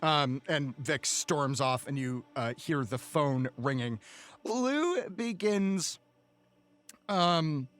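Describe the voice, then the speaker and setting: Brief: man running a tabletop game, slightly high voice, loose and hesitant delivery. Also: extremely slow. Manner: relaxed, hesitant with many fillers. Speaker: game master.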